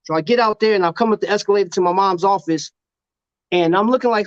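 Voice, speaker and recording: A man from Chicago hosts a casual live-stream talk show and tells lively stories that he breaks up with laughter. His voice sits high for a man. The sound is dry, dull and lo-fi. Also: a little fast, no room sound. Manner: animated storyteller, laughs often. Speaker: host.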